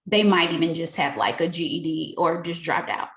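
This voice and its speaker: A young woman gives her sales team a casual pep talk, animated and a bit preachy, laughing often and acting out what other people said. Her voice sits lowish, her pace is moderate, and the room is echoey.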